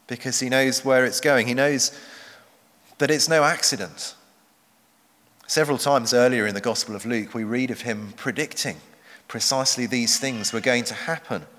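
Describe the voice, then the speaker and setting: Male pastor, sermon delivery, earnest, deliberate pauses, bright tone, long church reverb. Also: mid-range voice. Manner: earnest, measured, slows for emphasis. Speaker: preacher.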